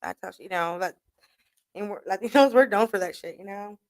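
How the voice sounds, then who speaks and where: A woman's voice: medium pitch, fairly quick, no room sound. A young woman hosting a radio show, casually telling a story with a lot of swearing and laughter. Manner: profane, laughing, animated retelling.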